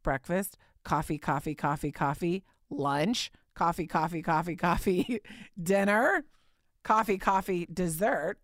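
A woman hosting a faith podcast, telling a personal story in a casual, animated way with frequent laughter and filler words. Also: fairly low pitch, a little slow, no echo, studio quality. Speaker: podcast host.

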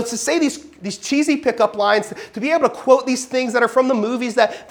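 A married man preaching a sermon in an animated, joking way, with frequent restarts. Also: high voice. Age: adult, married. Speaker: pastor.

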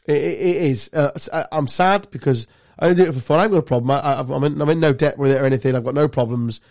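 A man's voice: a little high, rapid-fire, darkish tone, no room sound, studio quality. A man co-hosting a podcast, telling loose, sweary, laughing stories in casual banter. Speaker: podcast co-host.

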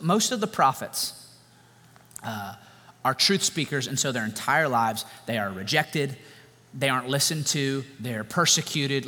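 A male pastor giving an animated, joking sermon in a loose conversational style. His voice is high and bright, and it rings with a long hall reverb.

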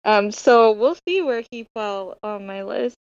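A woman guest in a casual podcast chat, laid-back and quick to laugh. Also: mid-range voice, clear, resonant tone. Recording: dry, dull lo-fi audio.

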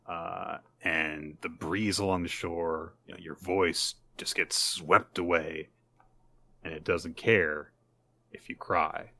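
A man's voice: low voice, fairly even intonation, takes it slowly, sharp tone. A man co-hosting a podcast, casually recapping manga chapters with dry asides. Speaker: podcast co-host.

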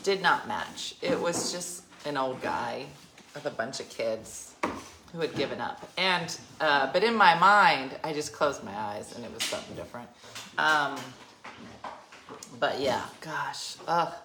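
A woman's voice: sits low, lively intonation, a little slow, echoey room, heavy background noise. A woman in her fifties hosting a show, chatting casually and telling rambling stories with frequent laughs. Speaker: radio show host. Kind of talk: casual chat.

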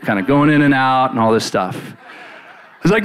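A man preaching by retelling a Bible story in the first person, in an animated, casual way with many fillers. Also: mid-range voice, normal speed, clear, resonant tone.

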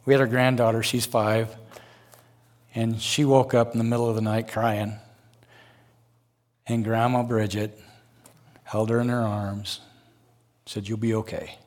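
A man's voice: mid-range voice, flat delivery, a little slow, long pauses. An older man preaching a sermon as a guest speaker, earnest, with folksy personal asides and rising emphasis.

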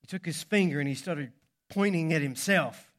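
A man's voice: a little high, moderate pace, a bit bright. A male pastor preaching a sermon, telling a story with dramatic pacing.

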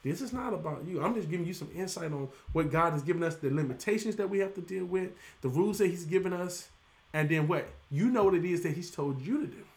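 A middle-aged man, preaching a lively sermon as pastor, tossing questions back to the congregation. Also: high-pitched, fast talker.

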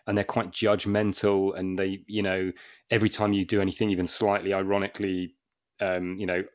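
A man, a stand-up comedian, chatting as a guest and telling lively anecdotes with frequent laughs. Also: low voice, fairly quick. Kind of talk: casual chat.

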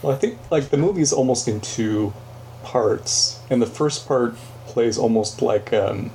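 Laid back guy guesting on a film podcast, mellow warm tone, slight hiss. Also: medium pitch, expressive, unhurried. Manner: easygoing, agreeable. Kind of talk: casual film podcast chat.

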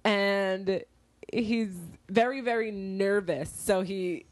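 Podcast co-host: giggly woman gushing and swearing freely into a close mic; mid pitch, dry sound. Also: steady tone, takes it slowly, no room sound. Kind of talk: casual chat. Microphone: close studio mic.

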